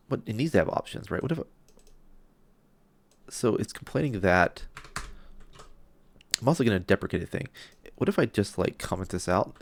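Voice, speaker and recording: A man streaming live as he codes a game, thinking aloud and muttering to himself, sometimes dropping to a whisper, loopy and self-deprecating. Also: lowish voice. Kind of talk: live-stream coding talk.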